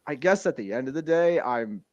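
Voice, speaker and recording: A brisk, animated man with a slightly high voice co-hosts a casual podcast, heard in a dry, dull recording. He rambles through scene recaps, laughing frequently and quoting lines in a put-on voice.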